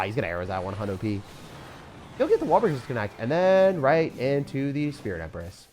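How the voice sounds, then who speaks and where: A man giving casual, excitable live commentary on his own gameplay, using slang and laughing often. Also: mid-range voice. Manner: excitable, swings from mutters to shouts. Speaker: gaming commentator.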